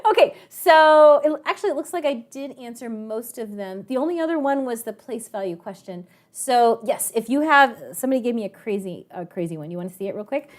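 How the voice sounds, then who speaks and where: A woman's voice: a little high, animated, a little fast, hardly any pauses. A woman teaching a live online math class, chatty and telling a story, often asking the kids questions.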